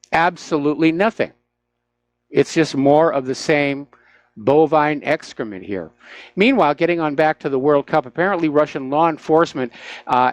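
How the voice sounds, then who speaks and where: A man's voice: on the high side, no echo. A man hosting a talk radio show, giving opinionated, sarcastic commentary with frequent "uh" fillers into a studio microphone.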